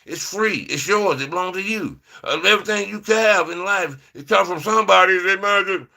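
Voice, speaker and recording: Casting: male vlogger, forceful and gravelly, casual rambling delivery full of "man". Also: high-pitched, brisk. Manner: loose, rambling, peppers talk with "man" and "you know". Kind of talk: rambling casual monologue to viewers.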